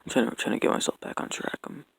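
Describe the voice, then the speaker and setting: A young man talking in a rambling personal apology monologue, halting and stumbling, with constant fillers and restarted sentences. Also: no echo, low-quality recording. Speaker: vlogger.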